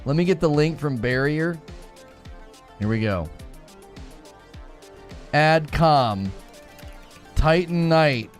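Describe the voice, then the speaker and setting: A man's voice: on the high side, lively intonation, slow, long pauses, soft background music. A man streaming a game and chatting casually with his viewers, laughing often and acting playfully exasperated. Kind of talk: casual live-stream chat.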